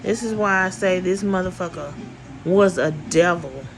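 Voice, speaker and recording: A woman's voice: fairly low pitch, moderate pace, background noise. A woman vlogger telling a story in casual speech, blunt and full of swearing, repeating herself for emphasis.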